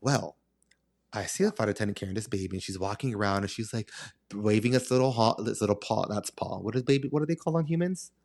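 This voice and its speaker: Speaking at a quick pace in a low voice, this man hosts a podcast and spins a long, dramatic yarn. He's an animated, casual storyteller who acts out each exchange.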